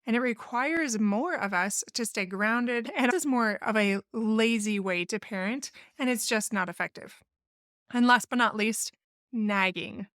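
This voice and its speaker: A woman's voice: a little high, a little slow, a bit bright, dry recording, studio quality. Earnest woman giving parenting advice. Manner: earnest, instructive, acts out sample phrases. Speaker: family therapist, podcast host. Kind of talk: solo podcast advice talk.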